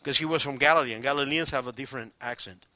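A man preaching a sermon, telling a story with energy and acting out the people in it, swinging from loud declarations to hushed near-whispers. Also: mid-range voice, racing, dry recording. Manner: animated storytelling, acts out quoted voices. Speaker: pastor.

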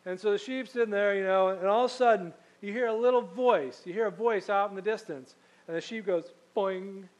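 A male pastor delivers a sermon in a relaxed, conversational storytelling manner. His voice sits high for a man. He breaks off now and then to read scripture aloud. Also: fairly quick, muffled recording.

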